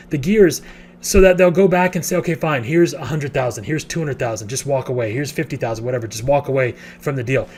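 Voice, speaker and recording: A man's voice: fairly high pitch, a little hiss or hum. A man, a real estate educator, telling a long story in a casual, rambling way with many restarts.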